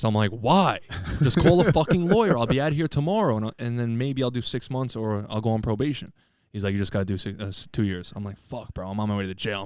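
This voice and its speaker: A man's voice: fairly low pitch, darkish tone, smooth, no echo, studio quality. A man co-hosting a podcast, telling a long story in loose, profane, laughing casual chat. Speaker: podcast co-host. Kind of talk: casual storytelling among friends.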